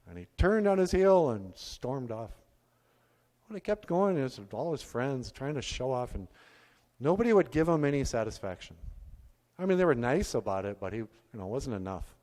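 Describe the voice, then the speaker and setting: Animated male storyteller on a stage. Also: medium pitch, moderate pace, big-room sound. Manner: animated, folksy, chatty asides. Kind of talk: live oral storytelling to an audience. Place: arts center stage.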